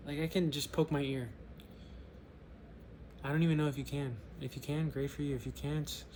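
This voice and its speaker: A man's voice: a little high, steady tone, moderate pace, a little mellow, a little hiss or hum. Loose, joking male vlogger. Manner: loose, joking, self-interrupting. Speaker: book club vlog host. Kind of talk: casual rambling chat and story reading.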